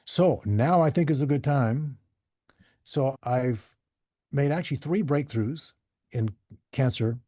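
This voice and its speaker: A man talks with a dark, husky tone in a dry, close sound. He tells stories casually and animatedly, jumping high to act out the people he quotes. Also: slow, long pauses, dry recording. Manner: animated, acts out quoted voices. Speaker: podcast guest. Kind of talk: casual storytelling.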